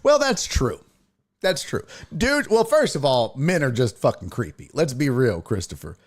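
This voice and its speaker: A man's voice: mid-range voice, very animated, normal speed. A man hosting a casual sports talk stream, reading viewer comments aloud and riffing on them in loose, profane banter. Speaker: sports talk show host.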